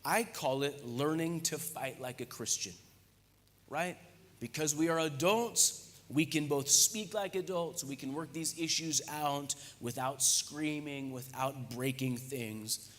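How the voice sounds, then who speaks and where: Man, pastor preaching, fairly high voice, joking conversational delivery, church hall echo. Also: slow, a bit bright. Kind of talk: sermon. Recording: echoey church hall reverb.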